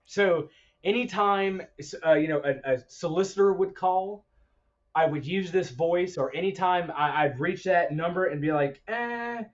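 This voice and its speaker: A man's voice: fairly high pitch, normal speed, lo-fi sound. A man co-hosting a podcast in casual chat, rambling and laughing between stories. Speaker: podcast co-host.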